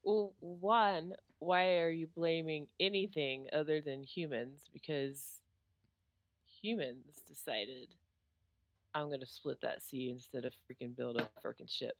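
A woman co-hosting a podcast, blunt and quick to laugh, swearing casually in chat. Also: deep voice. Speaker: podcast co-host.

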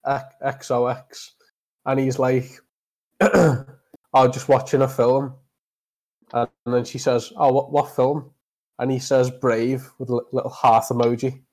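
Guy, middle-pitched voice, acts out little joke stories. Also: level tone, a little slow, darkish tone. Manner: storytelling, acting out dialogue. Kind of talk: casual comedic chat.

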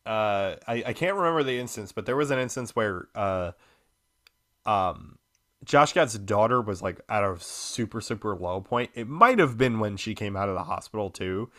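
A man talks casually on a podcast, circling his point with many fillers and false starts. His voice sits on the lower side but comes across bright and forceful. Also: animated. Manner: rambling, halting, many fillers and restarts. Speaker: podcast guest.

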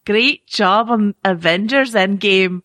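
A woman putting on an exaggerated Scottish accent with a heavy rolling burr while she slowly reads a fan review aloud on a podcast. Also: medium pitch, fairly bright tone. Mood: hammy. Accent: put-on Scottish. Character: reviewer read in a hammy put-on Scottish burr.

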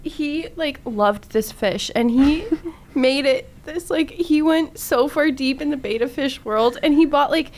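Woman in her 30s, radio co-host, animated storyteller who keeps laughing, slightly high voice, close studio mic. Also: a little slow. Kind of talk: casual studio chat. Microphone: studio microphone.

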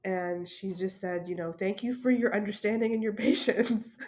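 A woman's voice: medium pitch, moderate pace, darkish tone. A woman from Canada telling a story in a casual monologue, laughing often and swearing casually. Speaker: podcast host.

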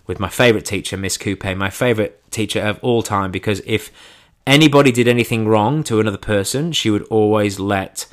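A man's voice: lowish voice, fairly quick. An English man in his thirties telling comic stories in a dry, self-mocking way, swearing casually. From England. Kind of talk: comic storytelling.

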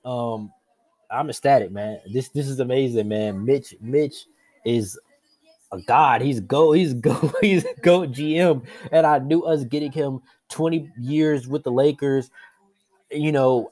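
A young man reacting live as a sports fan, excitable and repeating himself in his joy. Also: fairly low pitch. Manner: excitable, repetitive, breathless with joy.

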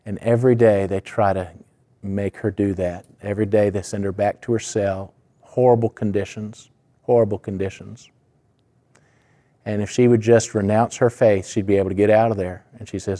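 A man's voice: on the low side, normal speed, dark tone. A man preaching a sermon in an earnest, conversational way, full of asides and fillers. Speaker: pastor.

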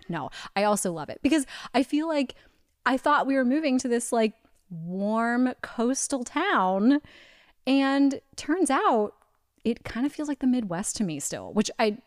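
A young woman from Ohio, a therapist co-hosting a podcast, chatting in an animated, self-mocking way and laughing a lot. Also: on the high side, measured pace, no room sound, clean studio sound. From small town near Cincinnati, Ohio. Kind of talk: casual chat.

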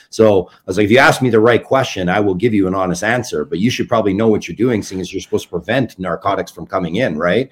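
Canadian male filmmaker guest, lowish voice, rapid anecdotal delivery. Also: husky. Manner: quick storytelling, acts out both sides of exchanges. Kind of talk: casual chat.

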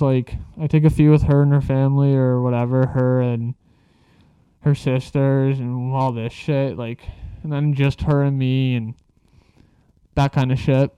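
A man's voice: medium pitch, dark tone, clear, resonant tone, no echo, dull audio. A young man telling a casual story, rambling and swearing freely, with lots of filler words. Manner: rambling, profane, filler-heavy.

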